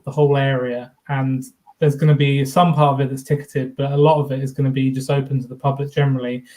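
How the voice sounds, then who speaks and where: A man's voice: medium pitch, darkish tone. A man co-hosting a casual live stream, explaining points in an informal way with mild swearing. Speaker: co-host of a theme park fan channel.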